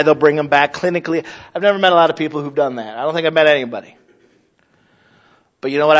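A pastor preaching a sermon to his congregation, talking conversationally, dropping to hushed asides and rising to loud exhortation, acting out prayers and remembered conversations. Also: a little high, dull audio. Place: church service.

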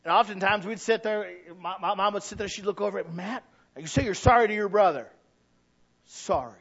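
A middle-aged man preaching a sermon, swinging from quiet conversational asides to loud shouted passages and acting out little scenes in voices. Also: high voice, quick pace, slightly rough, dull audio. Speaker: pastor. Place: church.

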